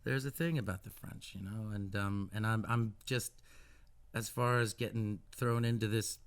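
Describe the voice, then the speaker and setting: A middle-aged American man talking as a musician guest in a casual radio interview, halting with many restarts and animated asides. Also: fairly low pitch, clean tone. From United States.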